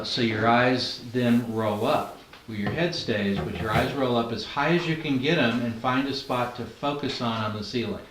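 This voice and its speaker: A man teaches a class of adults in a roomy training hall, his voice carrying with some echo. He speaks at a middle pitch in a relaxed, conversational way and keeps asking the group questions. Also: a little hiss or hum. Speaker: NLP trainer.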